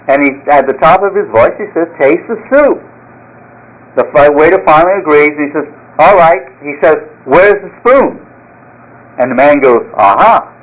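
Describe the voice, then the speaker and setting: A man's voice: medium pitch, low-quality recording. Folksy man teaching a Bible class. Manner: folksy, conversational, with fillers and restarts. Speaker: Sunday school teacher. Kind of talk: Bible lesson with scripture reading and anecdote.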